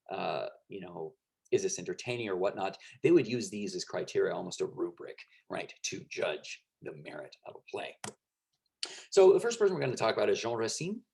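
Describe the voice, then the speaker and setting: A man delivers a relaxed lecture, with frequent fillers and a habit of checking in with his listeners. His voice is on the low side, gravelly with a husky edge. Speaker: teacher.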